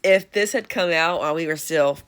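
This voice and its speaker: Bright-voiced young woman, emotional vlogger. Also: deep voice, fairly quick, smooth. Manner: emotional, confessional, swears and sighs. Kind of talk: emotional song reaction vlog.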